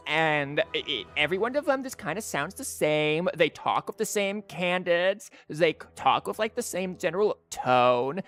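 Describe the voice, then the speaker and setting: A high-pitched, fairly bright-toned man, a streamer and teacher, chats casually on stream while theorycrafting. His talk rambles and is full of "like" and restarts, and faint music plays in the background.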